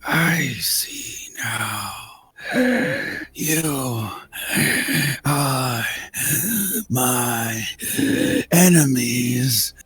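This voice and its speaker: A man voicing an ancient creature sealed in a coffin, speaking in slow, halting, menacing words. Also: medium pitch, fairly bright tone, slightly rough, heavily acted.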